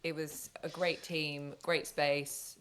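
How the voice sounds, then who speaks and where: A woman from Wales, a guest voice actress, chatting warmly in an interview. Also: sits low, little pitch movement, slow pace, a crowd in the background. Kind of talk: casual interview chat.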